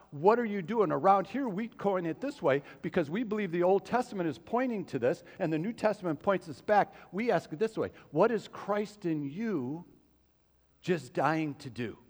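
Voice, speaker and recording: High-voiced man preaching in a reverberant hall. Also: lively intonation, a little fast, few pauses. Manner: preaching, asks the congregation questions. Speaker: pastor. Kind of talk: sermon.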